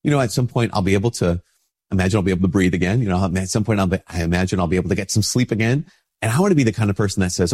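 A priest with a stuffy nose from a cold, giving an informal spoken reflection with many restarts. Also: male voice, deep voice, racing, a little mellow.

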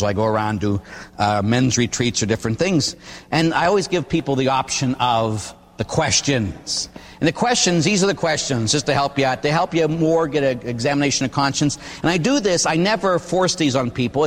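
An older man gives a sermon as a Catholic priest, with a middle-pitched voice. He preaches in a folksy, storytelling manner and drops frequent "huh?" asides. His voice rings out with a long reverb, as in a large church. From Pittsburgh area.

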